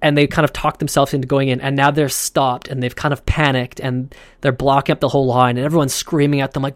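A podcast host telling a travel story in a casual, animated way. He acts out his own thoughts as he goes. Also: medium pitch, brisk, dry recording, studio quality.

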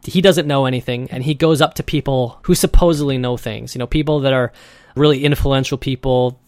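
Man, podcast host, relaxed solo monologue, mid-range voice, dead dry room. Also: medium pitch, fairly quick, no room sound. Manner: loose and conversational, acts out quoted voices.

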